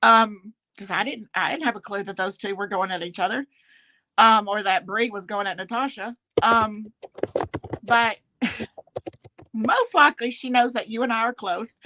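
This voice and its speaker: A chatty woman trades gossip in a casual talk. Her voice is bright and forceful and sits a little high. She laughs easily and talks freely. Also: poor audio. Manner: chatty, laughs often, quotes others in put-on voices.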